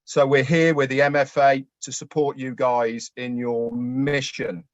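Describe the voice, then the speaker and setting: Man from the UK, mid pitch, friendly and halting, dry lo-fi sound. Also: level tone, no room sound. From United Kingdom. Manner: friendly, hesitant with fillers. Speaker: guest speaker. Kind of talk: casual speech. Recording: dry, dull lo-fi audio.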